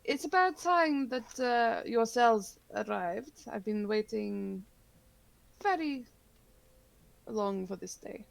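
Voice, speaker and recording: A mysterious young fortune teller speaks in an attempted New Orleans accent, voiced by a woman, slow and theatrical. Her voice sits a little higher than plain talk, with a gravelly edge. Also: animated, heavily acted, poor audio. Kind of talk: tabletop game role-play.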